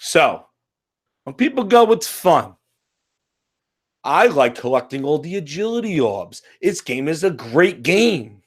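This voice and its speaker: A man's voice: on the high side, sing-song, measured pace, breathy edge. A man from the United States ranting about a video game, profane, exasperated and sarcastic. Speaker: gaming commentator. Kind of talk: ranting monologue.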